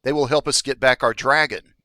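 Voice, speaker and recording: A man's voice: mid-range voice, fairly even intonation, fairly quick, sharp tone, no echo, clean studio sound, pitched above the performer's own voice, lightly acted. A man doing Meepo, an eager kobold. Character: eager excitable male kobold.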